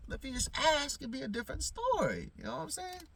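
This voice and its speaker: Man, high voice, casual vlog rant from a parked car, swears a lot, rambles. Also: huge pitch swings, brisk, gravelly, a bit bright, a little hiss or hum. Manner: profane, heated, rambling with many fillers. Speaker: vlogger. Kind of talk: casual storytelling to camera. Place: inside a parked car at night.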